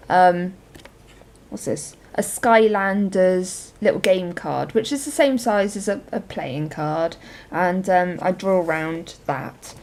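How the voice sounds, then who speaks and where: A woman's voice: on the low side, a little mellow. A young woman chatting casually through a show-and-tell of her journal and crafts, rambling with lots of ums. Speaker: crafting vlogger.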